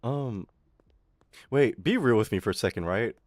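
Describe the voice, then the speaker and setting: A man's voice: on the low side, lively intonation, normal speed, darkish tone, no room sound, studio quality. A young Australian man chatting casually on a livestream, rambling, swearing and laughing often, his throat a little irritated. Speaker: VTuber streamer.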